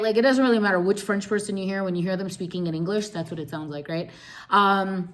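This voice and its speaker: Emphatic low-voiced woman host. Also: fairly even intonation, brisk. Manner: emphatic, repeats key words, frequent rhetorical "right?". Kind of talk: motivational business talk.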